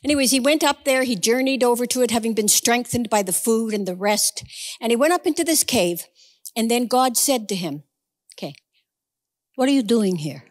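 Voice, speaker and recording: A woman's voice: a little high, expressive, brisk, in a large hall. A woman preaching a sermon, telling a story conversationally with humorous asides.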